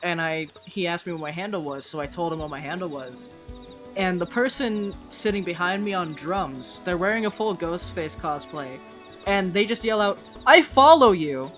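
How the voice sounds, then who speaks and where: A chatty streamer talks at a desk mic from a home setup while game music plays clearly underneath. The talk is loose and profane and rises into loud excitement at the good parts. The voice sits mid-range in pitch. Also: normal speed. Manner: chatty storyteller, swears freely, gets loud and excited. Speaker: Twitch streamer.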